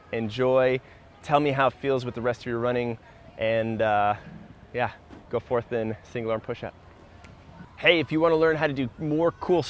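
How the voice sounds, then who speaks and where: A man's voice: medium pitch, a little hiss or hum. A man coaching runners outdoors, upbeat and instructive as he demonstrates push-ups while talking. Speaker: running coach. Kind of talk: fitness demonstration. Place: outdoors near a park.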